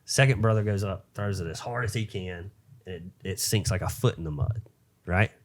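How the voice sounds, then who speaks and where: Deep-voiced man rambling through a joke. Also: moderate pace. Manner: rambling, filler-heavy storytelling. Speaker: podcast co-host. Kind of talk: casual joke telling.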